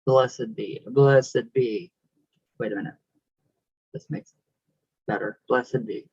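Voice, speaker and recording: A man's voice: mid-range voice, fairly even intonation, slow, darkish tone, breathy edge, no room sound, highs cut off. A young man hosting his channel, reading out viewer comments in a casual, affectionate, emotional way with frequent laughs.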